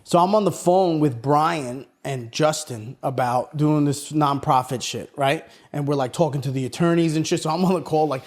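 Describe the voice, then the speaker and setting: A man's voice: fairly high pitch, moderate pace. A man telling a story in casual podcast chat, swearing and acting out the voices of people in it. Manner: animated, swearing, acts out voices in his stories. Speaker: podcast host.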